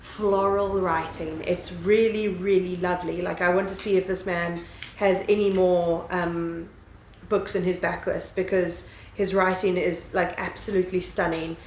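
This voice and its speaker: A woman's voice: fairly low pitch, level tone, measured pace, a little mellow, reverberant, a little hiss or hum, poor audio. A woman chatting casually as she reviews books on her vlog, rambling with lots of fillers and the odd swear word. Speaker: book vlogger. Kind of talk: casual book review chat.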